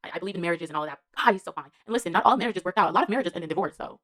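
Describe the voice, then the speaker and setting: This woman's lowish, fairly bright voice has lively intonation and a rapid-fire delivery as she reviews a TV show for her vlog. She rambles, gushes, uses plenty of slang and fillers, and laughs between comments.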